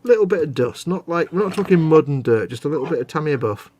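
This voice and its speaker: A man's voice: fairly high pitch, expressive, fast talker, a little mellow. A middle-aged man, hosting a late-night model-building live stream in rambling, self-mocking chat. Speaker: host.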